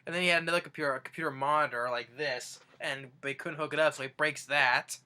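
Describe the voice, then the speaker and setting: A young man casually recounting favorite videos in a rambling, halting way, restarting sentences as he goes. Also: fairly high pitch, steady tone, bright, forceful tone, smooth. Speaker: fan vlogger. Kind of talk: casual countdown retelling.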